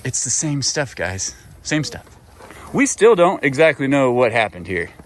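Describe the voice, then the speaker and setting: In a sing-song, mid-range voice at a moderate pace, a goat farmer and vlogger casually banters with his goats out in the pen, full of fondness and play.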